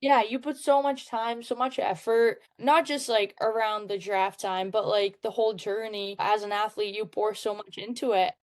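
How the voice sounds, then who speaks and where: A young woman gives an earnest interview and sometimes searches for words. Her voice is smooth and clear, and her pitch stays fairly flat. She sounds open and sincere. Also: normal speed, hardly any pauses. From Czech Republic. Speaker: hockey player guest. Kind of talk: casual interview.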